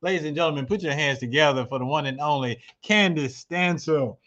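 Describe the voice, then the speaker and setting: A man's voice: fairly high pitch, fairly quick, fairly bright tone. A man hosting a talk show, hyping up his guest and rallying the audience. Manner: hype-style, rallies the audience. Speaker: host.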